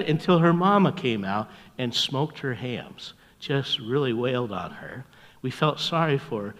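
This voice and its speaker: An older man preaching as a pastor, telling stories in a folksy, chuckling way and dropping to a hushed voice at tender moments. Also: mid-range voice, expressive, a little slow, long reverb tail. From North America. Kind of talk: storytelling sermon.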